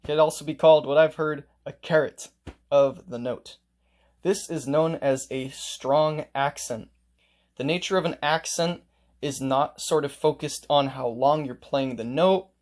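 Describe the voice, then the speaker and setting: A man's voice: fairly high pitch, a little slow, a little mellow. A man teaching a casual music lesson, explaining note markings step by step and playing examples on his instrument.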